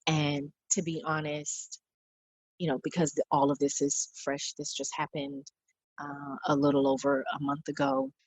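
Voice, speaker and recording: A woman's voice: low voice, flat delivery, normal speed, slightly rough, dry recording. A woman in her forties, a podcast guest, earnestly recounting personal experiences and quoting the people she spoke with. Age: 40s. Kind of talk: personal storytelling in an interview.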